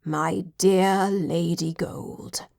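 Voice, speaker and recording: A woman voicing an elderly male butler in his seventies, formal and devoted, speaking slowly and softly. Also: lowish voice, steady tone, creaky, dry recording, studio quality, heavily acted.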